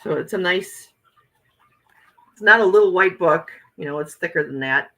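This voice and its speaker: A woman's voice: on the low side, moderate pace, sharp tone, slight background noise, rough recording. A woman hosting a casual morning livestream, chatting with viewers and reading their comments aloud as she shows oracle card decks.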